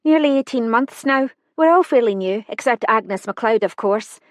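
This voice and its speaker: A woman voicing a brisk, polite young female hotel receptionist with a Scottish accent touched with Irish, in an audiobook. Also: a little high, expressive, dry recording, clean studio sound, voice pushed up, natural voice. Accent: Scottish with a trace of Irish.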